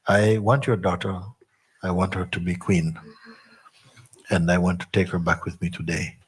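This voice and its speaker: A man's voice: deep voice, level tone, moderate pace, breathy edge. A man doing a blunt, commanding king. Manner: blunt, demanding. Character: proud commanding king, quick to anger.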